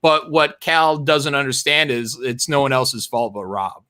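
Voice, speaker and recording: A man's voice: mid-range voice, measured pace, bright, forceful tone. A man co-hosting a casual livestream chat, talking bluntly with lots of swearing and laughter. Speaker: co-host.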